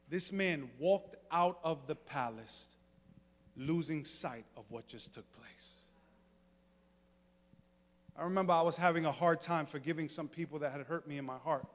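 A male pastor preaching a sermon, moving from quiet talk to fervent shouting. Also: a little high, long reverb tail. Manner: builds from quiet to shouting fervor.

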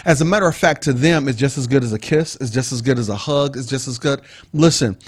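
Male co-host, mid-pitched, talks through points like a teacher, lots of repetition. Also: quick pace, breathy edge. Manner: preachy, explains with repetition and asides. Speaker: podcast co-host. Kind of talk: casual teaching talk.

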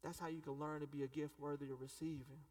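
A man's voice: fairly high pitch, flat delivery, fast talker, a little mellow. A male pastor preaching a sermon in a casual, conversational way, asking the congregation questions and using everyday slang. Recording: echoey hall, voice from a distance.

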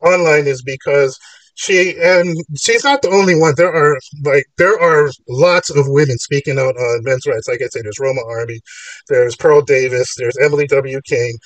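A man's voice: fairly high pitch, no room sound, recorded from a distance, low-quality recording. A man hosting a call-in podcast, arguing his points in long rambling runs. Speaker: podcast host. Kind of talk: casual call-in talk.

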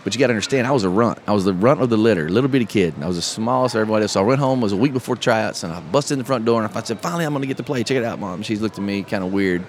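A middle-aged man, a podcast host telling a story in casual, animated chat. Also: on the low side, rapid-fire, few pauses. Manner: animated storyteller, calls listener bro. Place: live podcast event. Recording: live event, faint noise behind.

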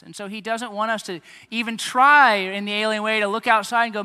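A man preaching a sermon to a young congregation, animated and speaking straight to them. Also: sits high, brisk, few pauses, smooth, big-room sound. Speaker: pastor.

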